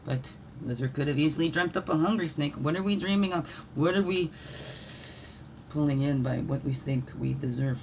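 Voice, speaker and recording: A woman leading a daily spiritual reflection while pulling oracle cards, animated and encouraging, with playful asides. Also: low voice, fairly quick, slight background noise. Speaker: spiritual guide.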